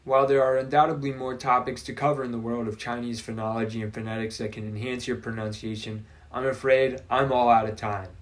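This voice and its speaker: A man presenting a scripted language lesson, speaking in a clear, deliberate teaching manner with dry jokes. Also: medium pitch, level tone. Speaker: language-learning video presenter.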